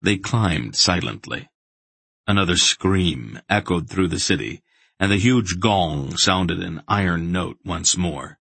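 A man reading a fantasy audiobook in steady, measured scripted narration. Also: sits low, creaky, slightly rough, no echo.

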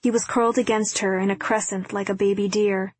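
A woman reading a novel aloud as narrator, in a quiet, even storytelling delivery. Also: mid-range voice, brisk, breathy edge, dry recording. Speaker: audiobook narrator. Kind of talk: scripted narration.

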